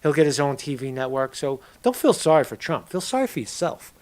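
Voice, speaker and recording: Man, casual commentary vlog, slightly raised pitch, loose profane rant. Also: very animated, brisk. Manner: profane, rambling rant, constant "right?". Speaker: political commentator.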